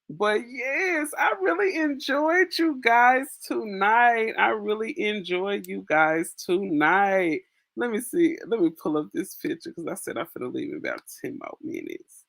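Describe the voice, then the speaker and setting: A woman's voice: mid-range voice, big pitch swings, a little slow, gravelly, a bit bright, dry recording, clean studio sound. A young woman hosts a casual livestream, chatting to viewers, reading their comments aloud and laughing often with slangy asides. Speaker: livestream host. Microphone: phone.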